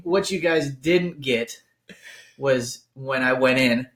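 A man's voice: medium pitch, takes it slowly, fairly bright tone, roomy sound. A man in casual chat, joking around and telling tall tales with a straight face.

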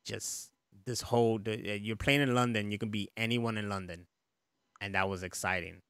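A relaxed man talks through video games in a loose, rambling way, laughing and swearing casually. His voice sits a bit low. The sound is dry and close, with no room echo. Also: moderate pace, clear, resonant tone. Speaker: podcast co-host. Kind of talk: casual chat.

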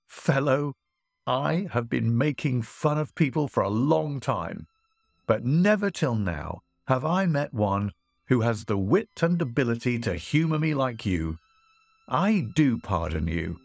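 A man's voice: big pitch swings, a little slow, vocal fry, no room sound, studio quality, soft background music, heavily acted. A man voicing a boastful wealthy host who keeps pressing lavish food and wine on his guest. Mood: amused. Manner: high, insistent, grandly pressing food on a guest. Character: boastful wealthy male host, teasing and showy. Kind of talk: storytelling voice acting.

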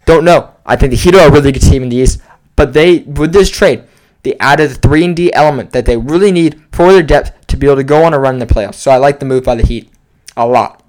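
A man's voice: medium pitch, fast talker, darkish tone. A young man hosting a solo sports podcast, talking casually and rambling into asides as he breaks down trades. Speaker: podcast host.

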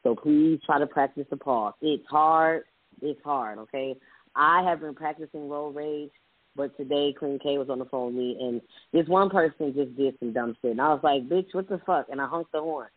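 A man co-hosting a casual talk show, talking reflectively and reading short quotes aloud, sometimes in quick bursts. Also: a little high, breathy edge, no room sound. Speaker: podcast co-host. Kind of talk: casual chat with read-out quotes. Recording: tinny phone-like dry sound.

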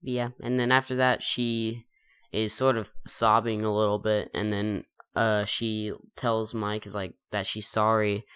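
A man's voice: on the low side, little pitch movement, a little slow, fairly bright tone, clear, resonant tone, no room sound, studio quality. A man co-hosting a podcast in casual chat, joking and playful, dropping gamer slang. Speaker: podcast co-host.

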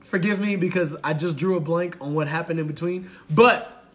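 A man co-hosting a podcast, telling a story in an animated, profane way and acting out the people in it. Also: a little high, normal speed. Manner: animated, profane, acts out the people in his stories. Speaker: podcast co-host. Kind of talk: casual storytelling chat.

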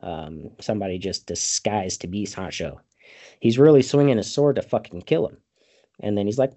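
A man's voice: fairly low pitch, moderate pace, mellow. A man casually recapping a movie, rambling and swearing, often breaking into laughter.

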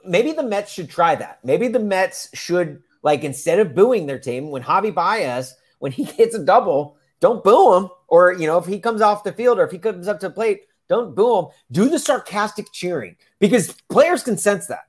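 This is a man co-hosting a casual sports podcast, with a voice that sits a little high for a man. He is animated and laughs easily. He hammers his points by repeating them. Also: moderate pace, hardly any pauses, breathy edge. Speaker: podcast co-host.

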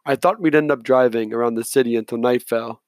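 A man reading a novel aloud in measured, subdued first-person narration. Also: mid-range voice, fairly even intonation, no room sound. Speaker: audiobook narrator.

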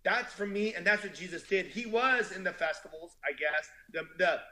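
An animated man telling stories as a podcast guest, acting out the voices of people he quotes. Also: high voice, normal speed. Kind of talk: casual conversation.

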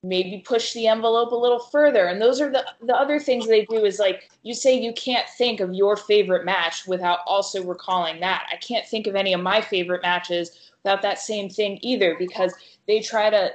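Woman host, mid-pitched, heated and profane, roomy echo on the mic. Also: moderate pace. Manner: emphatic, angry, swears heavily. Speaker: podcast host. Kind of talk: casual podcast chat. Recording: echoey room.

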